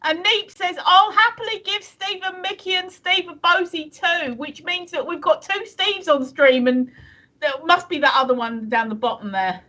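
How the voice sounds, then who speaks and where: A woman's voice: very high-pitched, normal speed, pushed and bright. A woman co-hosting a live stream, chatting casually, giggling often and reading out chat messages. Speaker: streamer co-host.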